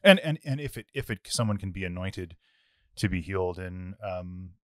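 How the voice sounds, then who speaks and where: A man's voice: low voice, lively intonation, moderate pace, a bit bright, no echo, studio quality. A man, a pastor, chatting casually and affirming his partner often. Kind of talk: casual conversation.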